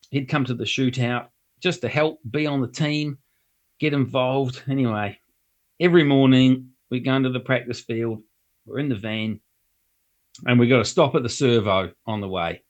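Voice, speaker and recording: A man with a New Zealand accent telling funny anecdotes in casual chat, laughing often and acting out other people's lines. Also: medium pitch. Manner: laughs often while telling anecdotes, acts out voices in quotes.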